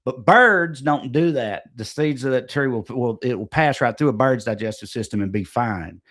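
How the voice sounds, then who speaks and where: A man's voice: mid-range voice, animated, normal speed, a bit bright. A man co-hosting a comedy podcast, explaining things in a rambling, profane, casual way. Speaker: podcast co-host.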